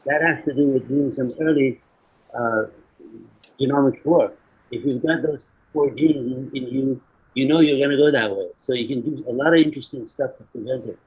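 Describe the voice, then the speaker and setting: Blunt husky-voiced man on a panel. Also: mid-range voice, normal speed, a little mellow. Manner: opinionated, blunt and emphatic. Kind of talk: panel discussion. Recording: dull lo-fi audio.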